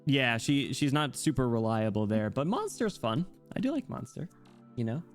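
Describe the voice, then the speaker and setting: A man's voice: medium pitch, sing-song, moderate pace, soft background music. A man hosting a livestream, chatting casually in a rambling, self-interrupting way with frequent restarts and laughs. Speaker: stream host.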